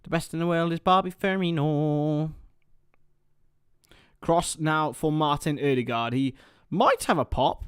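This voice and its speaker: Excitable man calling football. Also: a little high, a little slow, long pauses, smooth, dry recording, studio quality. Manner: chatty, excitable, addresses viewers as lads. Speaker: watchalong commentator. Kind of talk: live football commentary.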